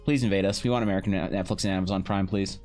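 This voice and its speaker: A Canadian art streamer paints during a casual livestream, trading crude, joking banter with his chat. He speaks very fast in a deep, darkish voice with fairly even intonation, and soft music plays in the background.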